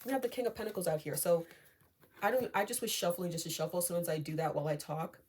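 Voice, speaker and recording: Here a tarot reader speaks fast in a fairly low voice, with slight background hiss or hum. Chatty and filler-heavy, she keeps checking in with "okay?" while soothing her viewers and telling them there's nothing to fear.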